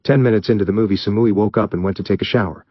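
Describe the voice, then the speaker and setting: Reading fan fiction aloud, a low-voiced man narrates a story in a steady, even manner but at a rapid-fire pace. The recording sounds dull and muffled, dry and close, with no room echo.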